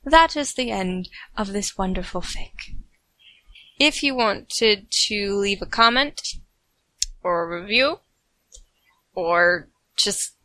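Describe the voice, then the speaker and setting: A woman's voice: mid-range voice, bright, forceful tone, no room sound. A woman reading her own fan fiction and joking through her bloopers, giggly and self-mocking, with frequent swearing. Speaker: fan fiction author and reader. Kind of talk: casual blooper reel of a story reading.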